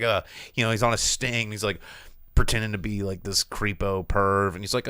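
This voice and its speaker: A man's voice: on the low side, expressive, moderate pace, a bit bright, smooth, dry recording, studio quality. A man hosting a podcast, reviewing a film in casual chat, rambling and sarcastic with lots of fillers and restarts.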